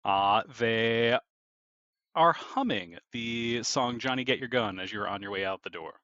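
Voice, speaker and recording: A man's voice: medium pitch, a little slow, sharp tone, no echo. A man narrating a tabletop game as game master, easygoing, with occasional uhs. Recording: slightly dull, lo-fi mic.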